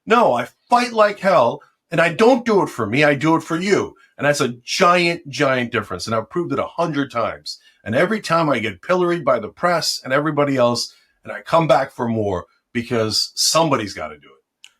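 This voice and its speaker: A man's voice: mid-range voice, lively intonation, normal speed, fairly bright tone. A middle-aged man speaking passionately and combatively in an interview conversation about politics and a possible run for office.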